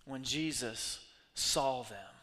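A man preaching a sermon as pastor, animated and acting out the voices of the people he quotes. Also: mid-range voice, slow pace. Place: church hall. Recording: echoey hall reverb.

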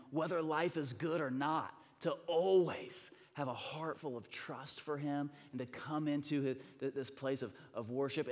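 A man in his thirties preaching a sermon, telling a story with acted-out voices and swinging from loud bursts to near whispers. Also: medium pitch. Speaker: pastor. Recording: long reverb of a large hall.

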